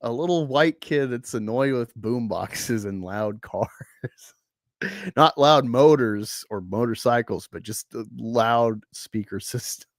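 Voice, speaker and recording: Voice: mid-range voice, animated, takes it slowly, no room sound, clean studio sound. A co-host in casual chat about a comic, laughing and mocking it.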